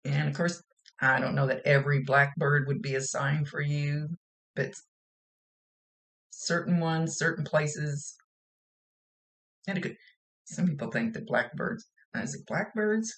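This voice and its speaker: A woman's voice: low voice, a little slow, pauses often, a bit bright. A woman working as a psychic medium, giving a rambling, chatty reading and often laughing. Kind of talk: casual spoken reading.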